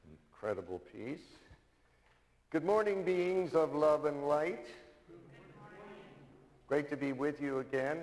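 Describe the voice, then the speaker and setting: A minister preaching in a reverberant hall. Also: male voice, medium pitch. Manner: tells a joke with put-on Irish voices. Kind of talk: sermon. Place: church sanctuary.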